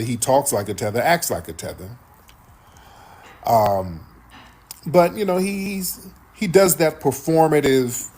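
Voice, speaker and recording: A man's voice: mid-range voice, a little mellow, slightly rough. A man hosting a show, telling a story in casual commentary and acting out what others said. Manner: storytelling, acts out others' quotes. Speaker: show host reading viewer comments.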